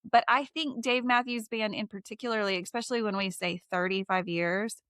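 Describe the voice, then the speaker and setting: A woman's voice: mid-range voice, a little fast, a bit bright, dry recording, clean studio sound. A woman hosting a podcast, chatting casually and effusively with guests, often repeating phrases for emphasis. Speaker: podcast host. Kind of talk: casual interview chat.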